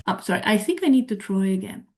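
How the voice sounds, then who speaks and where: A woman giving a conference talk with a live software demo, explaining her points while thinking aloud and correcting herself as she goes. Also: medium pitch, expressive, fast. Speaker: presenter on medical English teaching.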